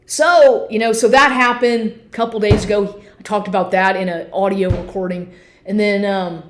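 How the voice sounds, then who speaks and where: A woman's voice: mid-range voice, steady tone, normal speed, reverberant. A woman vlogging an angry personal rant at home, swearing constantly and firing off indignant rhetorical questions.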